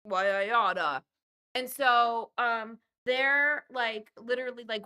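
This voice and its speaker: A woman with a fairly high, bright voice hosts a casual podcast and retells a film scene by scene. She talks in an animated way, swears freely and slips into quick character voices as she goes. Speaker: podcast host. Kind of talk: casual movie review chat.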